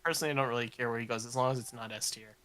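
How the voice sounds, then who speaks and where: A woman's voice: very deep voice, fairly even intonation, very fast, fairly bright tone. A woman friend on voice chat, teasing and mock-threatening in casual banter.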